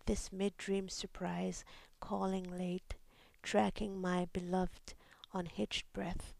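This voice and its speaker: A woman reading her own poem aloud in a soft, measured voice that often drops to a half-whisper. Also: on the low side, little pitch movement, vocal fry, dry recording. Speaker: poet. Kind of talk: poetry reading.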